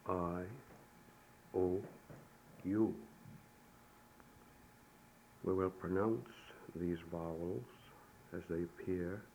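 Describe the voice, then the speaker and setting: A man giving a recorded language lesson, saying the sounds slowly and deliberately, one syllable at a time. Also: low-pitched, mellow, poor audio. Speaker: language teacher. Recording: old tape recording with faint hiss.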